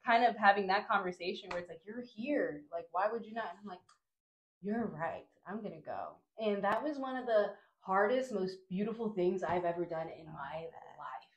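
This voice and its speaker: A woman from Honduras chats as a podcast guest and tells her travel story with lively energy. She laughs often and talks in fillers and restarts. Her voice is middle-pitched, and the room gives it a clear echo. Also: normal speed, dull audio. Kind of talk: casual storytelling chat.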